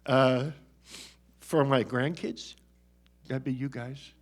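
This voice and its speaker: A man's voice: medium pitch, fairly even intonation, takes it slowly. An older man giving a retirement speech at a press conference, folksy and joking, and choked up at times. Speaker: retiring athletics director.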